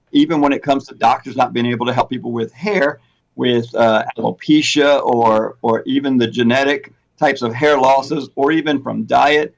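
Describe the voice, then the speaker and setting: A man and longtime hair replacement stylist in a casual chat, rambling a little and laughing often. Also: mid-range voice.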